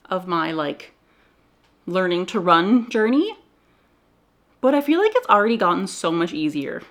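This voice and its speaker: A woman's voice: on the low side, very animated, unhurried, long pauses. A young woman vlogging in a chatty, rambling way, a little out of breath after exercise. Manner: chatty, rambling, laughs easily. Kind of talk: chatty vlog talk.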